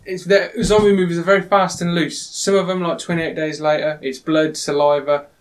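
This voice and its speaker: A man's voice: fairly high pitch, little pitch movement, moderate pace. A man hosting a casual podcast chat, recapping a film scene by scene with filler ums. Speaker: podcast host.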